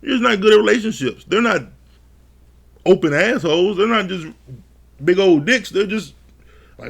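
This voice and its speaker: A man's voice: sits high, normal speed, gravelly, pauses often, breathy edge. A man reviewing a reality dating show in casual, profane commentary, often laughing as he acts out what the cast said. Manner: laughs often, swears freely, animated retellings.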